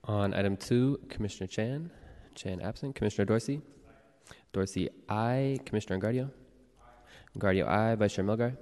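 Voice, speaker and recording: Man, board clerk, very low voice, mellow tone, steady formal read-aloud, reverberant chamber. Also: moderate pace. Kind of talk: reading roll calls and procedural announcements. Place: legislative chamber in a city hall. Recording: long reverb of a large hall.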